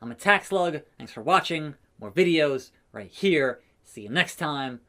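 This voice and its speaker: A man doing excitable let's-play commentary over a wrestling video game, talking trash to his opponents. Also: fairly high pitch, unhurried. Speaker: gaming YouTuber.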